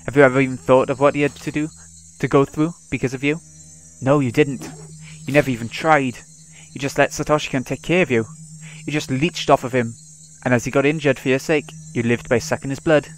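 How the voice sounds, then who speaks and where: A man's voice: mid-range voice, fairly even intonation, brisk, natural voice. A man reading as a cruel, taunting teenage girl. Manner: cold, taunting, mocking.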